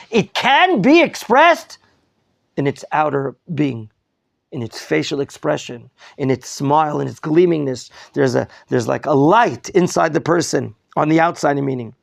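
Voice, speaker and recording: A man teaching a Torah class with a somewhat high voice and a gravelly, fry-laced texture. He questions his students and corrects their reading as he goes. The sound is close and dry. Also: no echo. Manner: lively teacher, quizzing students, mixing in Hebrew terms. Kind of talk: classroom Bible lesson.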